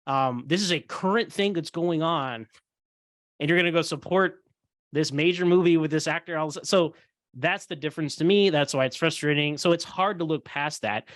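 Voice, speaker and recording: A man hosting a casual roundtable podcast, ranting in an animated, heated way and acting out quoted voices. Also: a little high, no echo. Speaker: podcast host.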